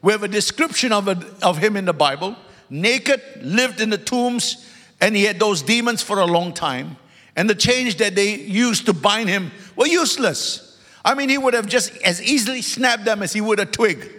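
A high-pitched male preacher delivers a sermon. He hammers key words twice and throws questions out to the congregation. The church's long reverb trails every phrase. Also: lively intonation, moderate pace, sharp tone. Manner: emphatic, repeats key words, calls to the congregation; joking asides.

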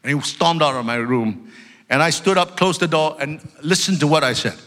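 Brief: male pastor, high bright voice, emphatic sermon, big reverberant church hall. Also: moderate pace. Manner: emphatic, loud, swings between shouting and low storytelling asides. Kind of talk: preaching a sermon. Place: church sanctuary. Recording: long reverb of a large hall.

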